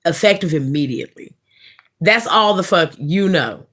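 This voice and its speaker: A woman live streamer casually telling a story in a blunt, profane, animated way. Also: lowish voice, moderate pace, husky.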